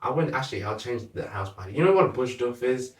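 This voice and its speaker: A young man, a podcast guest, chatting casually with a relaxed, laughing manner and a lot of "like". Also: mid-range voice, quick pace. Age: young adult. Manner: laid-back, laughs often, lots of "like". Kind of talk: casual chat. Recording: echoey room, mic at a distance.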